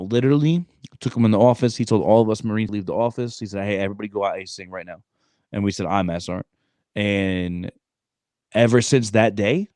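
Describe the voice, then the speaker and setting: A man's voice: fairly low pitch, no room sound, studio quality. Slang-heavy man telling a story. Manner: animated, streetwise slang, frequent "bro". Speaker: podcast co-host. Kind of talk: casual storytelling chat.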